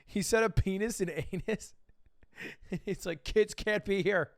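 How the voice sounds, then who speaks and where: A man's voice: high-pitched, fairly even intonation, measured pace, dry recording, clean studio sound. A man in his twenties hosting a stream, joking in casual chat and laughing often. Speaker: streamer host. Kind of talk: casual chat while reacting to posts.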